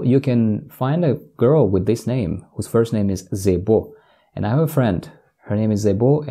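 A man's voice: on the low side, dark tone. A man from northern Tajikistan with a Tajik accent, patiently teaching words in a casual language lesson and repeating each one. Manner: patient, explains slowly with examples and repeats words.

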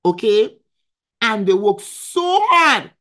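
A woman coach talks to her live viewers about money and well-being. She speaks slowly and deliberately, with emphatic, preacherly repetition. She reads out names from the chat and answers them as she goes. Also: mid-range voice, sing-song, fairly bright tone. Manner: emphatic and preacherly, repeating phrases and calling out to viewers. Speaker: financial coach hosting a weekly live. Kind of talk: motivational live-stream talk.

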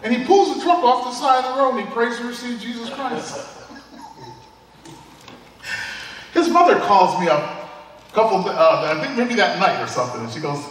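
A man's voice: high-pitched, very animated, a little slow, pauses often, fairly bright tone, a little hiss or hum. A man in his sixties preaching a sermon, telling personal stories in a conversational way and often chuckling. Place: church hall. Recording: echoey hall from a distant mic.

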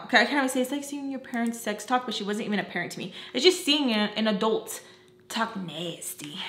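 A woman's voice: medium pitch, fairly bright tone, slight background noise. A young woman vlogger telling a casual story, frank and profane, with lots of fillers. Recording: roomy echo.

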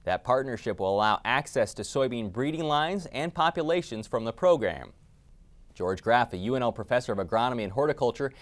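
A man hosting a farm show, reading a smooth intro and asking interview questions. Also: medium pitch. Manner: reads the intro smoothly, asks questions with fillers. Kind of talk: scripted narration and interview questions.

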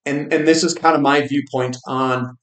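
A man hosting a finance channel, giving casual market commentary in a quick, rambling way with frequent restarts. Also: medium pitch, fairly even intonation, fairly bright tone. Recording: roomy echo.

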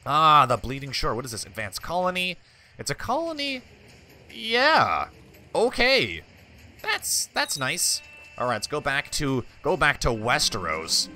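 Lively, bright-voiced man narrating gameplay. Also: fairly high pitch, measured pace, soft background music. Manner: reads game text aloud in a mock-regal tone; wry, offhand asides. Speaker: gaming channel host. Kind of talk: let's play commentary.

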